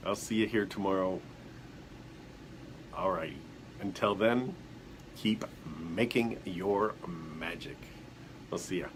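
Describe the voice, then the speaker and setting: A man's voice: low-pitched, slow, pauses often, noisy background. A man hosting a casual motivational live stream who reflects aloud and keeps putting questions to the viewers. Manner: greets viewers by name as they join.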